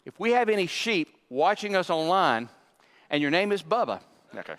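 A man preaching a sermon as pastor, emphatic, with dramatic pauses and dry joking asides. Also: high-pitched, very animated, fairly bright tone. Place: church sanctuary. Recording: long reverb of a large hall.

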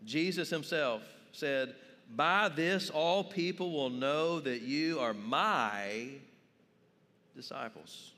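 A man's voice: lowish voice, bright, forceful tone, in a large hall. A man preaching a sermon as pastor, telling stories and asking his congregation questions. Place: church sanctuary.

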